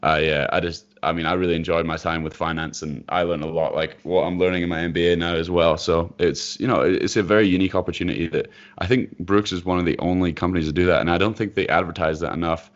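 Young male runner, very deep voice, hesitant casual chat. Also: steady tone, quick pace, hardly any pauses. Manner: thoughtful, hesitant, many you-knows. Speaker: professional runner, podcast co-host. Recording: dull lo-fi audio.

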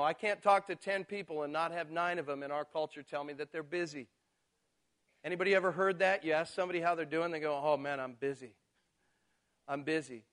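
A man preaching a sermon who moves from quiet asides to loud, slowed-down build-ups, and acts out people's excuses in mocking voices. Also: a little high.

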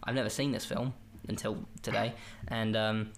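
A man's voice: fairly low pitch, flat delivery, normal speed, creaky, a little hiss or hum. A man hosting a podcast, chatting casually about a film in a rambling, jokey and self-amused way. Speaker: podcast host. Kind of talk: casual film review chat.

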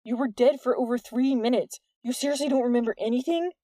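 A woman's voice: fairly high pitch, quick pace, mellow, no echo, pitched above the performer's own voice, lightly acted. A woman reading the part of an earnest, worried teenage boy in an audiobook, with urgent, anxious questions.

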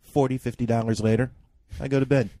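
A man co-hosting a podcast, reading a listener's email aloud with expressive emphasis, then chatting casually. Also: mid-range voice, fast. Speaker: podcast co-host.

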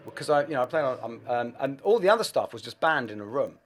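A man, a guest musician, telling anecdotes in an animated, self-deprecating way, with plenty of swearing. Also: medium pitch, fast. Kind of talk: anecdotal storytelling.

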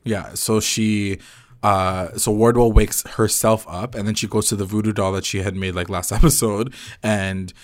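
Young man recapping a show, slangy and low. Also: steady tone, moderate pace, no echo. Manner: slangy, retells scenes with quoted voices. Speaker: podcast co-host. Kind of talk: casual recap chat.

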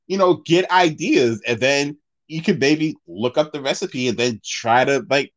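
A man's voice: mid-range voice, a little slow. A man co-hosting a casual podcast, telling a story with lots of restarts and fillers. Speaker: podcast co-host. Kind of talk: casual chat.

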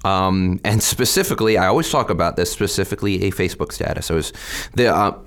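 A man answering interview questions in an animated way, often acting out what people said. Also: sits low. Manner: animated, quick to anger, acts out quotes. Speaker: state legislator and guest.

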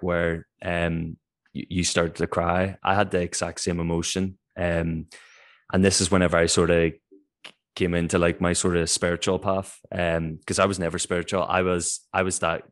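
A man's voice: low voice, little pitch movement, moderate pace. A man in casual podcast chat, telling stories with animation and swearing freely.

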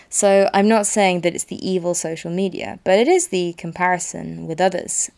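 Young woman doing a solo podcast, kinda low voice with lots of vocal fry, rambly and candid, pokes fun at herself. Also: darkish tone. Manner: rambling and self-deprecating, free-flowing with frequent laughs. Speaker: podcast host.

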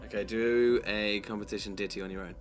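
A man's voice: fairly low pitch, fairly even intonation, brisk, over loud music. A man co-hosting a casual film podcast, teasing his co-host with dry banter.

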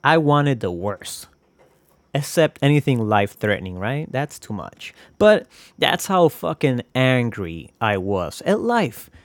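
A man's voice: medium pitch, very animated, measured pace, no room sound. A young man hosting a podcast, talking in a casual, confessional ramble full of swearing and self-mocking jokes. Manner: profane, joking, rambling. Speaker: podcast host.

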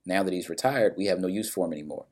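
A man's voice: deep voice, racing, a little mellow, husky. A man casually recapping a story and its characters, bluntly and with some swearing, briefly acting out the lines of people in it.

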